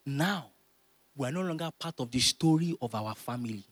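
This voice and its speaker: A man, preaching a sermon as pastor, emphatic and repeating phrases as he builds to loud exhortation. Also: medium pitch, lively intonation, normal speed. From Nigeria.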